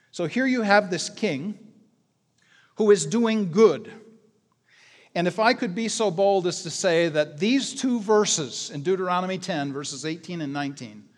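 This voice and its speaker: A man preaching a sermon, animated and emphatic, swinging between soft asides and loud exclamations. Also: high voice, a little slow. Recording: long reverb of a large hall.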